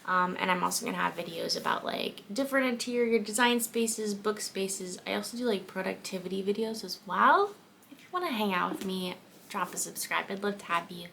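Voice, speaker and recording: A woman's voice: medium pitch, brisk, vocal fry, fairly bright tone, slight background noise. A young woman chatting about a book and reading from it in a home office, chatty and emotional, with lots of "like". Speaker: book vlogger. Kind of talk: casual chat and book reading.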